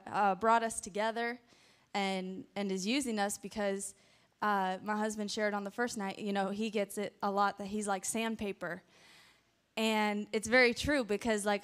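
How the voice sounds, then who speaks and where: Smooth-voiced woman preaching. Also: a little high. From American South. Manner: chatty, animated storytelling with many asides. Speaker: guest preacher. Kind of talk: storytelling sermon. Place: church sanctuary before a congregation. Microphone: handheld microphone.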